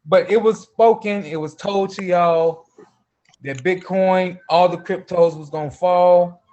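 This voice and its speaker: Earnest high-voiced man. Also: steady tone, unhurried, darkish tone, muffled recording. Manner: earnest, emphatic, repeats key points. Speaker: group member guest. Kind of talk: casual livestream chat.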